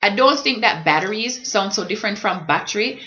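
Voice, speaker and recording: A woman's voice: mid-range voice, expressive, a little fast, pushed and bright, dull audio. A woman from Jamaica with a Jamaican accent, talking as a vlogger in an impassioned, emphatic way. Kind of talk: reflective talk on language.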